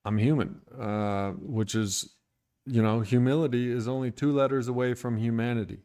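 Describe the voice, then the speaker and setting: A man speaks straight to his stream audience in an irritated, venting mood, blunt and sometimes profane. His voice is smooth and resonant, sitting at an ordinary middle pitch. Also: steady tone, moderate pace, dark tone. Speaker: recovery streamer. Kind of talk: candid livestream monologue.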